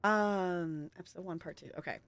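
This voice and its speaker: A woman streaming a narrative game live, reading its text aloud and gushing with quick laughs between lines. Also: lowish voice, clean tone, no room sound.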